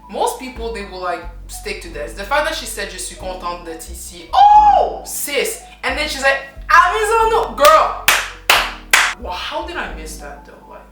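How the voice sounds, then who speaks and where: A French-native woman, a language teacher, chatting excitedly and repeating herself as she reacts to a clip. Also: mid-range voice, fairly quick, hardly any pauses, very echoey, far from the mic, music in the background. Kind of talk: excited casual reaction vlog. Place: outdoors in sunlight.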